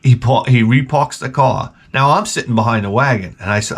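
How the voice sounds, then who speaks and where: A man's voice: medium pitch, fairly quick, slightly rough. A man hosting his own channel, telling a rambling, profane comic story and acting out the people in it. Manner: rambling, profane, with acted-out quotes. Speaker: channel host. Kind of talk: comedic storytelling rant.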